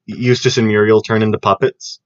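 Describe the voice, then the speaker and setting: A young man co-hosting a podcast in casual chat, rambling and animated with lots of fillers and restarts. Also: fairly low pitch, brisk. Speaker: podcast co-host. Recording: dull lo-fi podcast audio.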